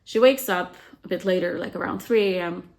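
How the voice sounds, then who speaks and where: A woman's voice: fairly low pitch, a little fast, creaky. Chatty woman retelling a novel. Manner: chatty, frequent "like" fillers, acts out quotes. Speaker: book summary host. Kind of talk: casual book plot retelling.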